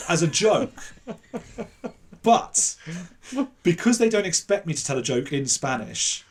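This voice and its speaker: A man with an English accent telling a long anecdote as a podcast guest, animated and acting out the voices of other people. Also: on the high side, unhurried, pauses often. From England. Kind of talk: casual anecdote in an interview.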